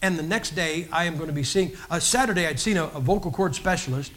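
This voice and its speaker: A man's voice: a little high, fast talker, fairly bright tone. A man giving a personal testimony as a guest preacher, telling his story in an earnest, folksy way with frequent restarts.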